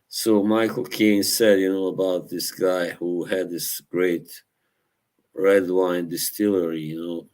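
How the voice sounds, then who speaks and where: A man's voice: low-pitched, steady tone, takes it slowly, pauses often, darkish tone. A man hosting a live stream, chatting casually with viewers, rambling and laughing often at his own stories while searching for words. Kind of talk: casual chat reacting to live chat.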